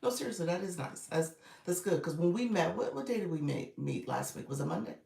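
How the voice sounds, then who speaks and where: A woman's voice: lowish voice, animated, fairly quick, gravelly, mellow, distant mic. A woman coach chatting casually and encouragingly with her livestream viewers, still in her groggy morning voice. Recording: echoey room, away from the mic.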